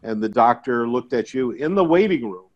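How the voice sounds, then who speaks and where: A man's voice: mid-range voice, lively intonation, normal speed, highs cut off. Middle-aged man telling folksy sales stories. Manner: folksy storytelling with jokes. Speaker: guest, IT sales consultant. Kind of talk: conversational podcast interview.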